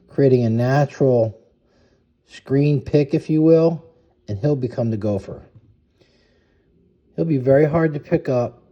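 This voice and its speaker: A man explains a lacrosse play to his team in a very dark, mellow voice. He goes step by step, correcting and rephrasing himself as he goes. The audio is dull and muffled. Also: mid-range voice. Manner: methodical, restates and corrects himself. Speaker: youth lacrosse coach.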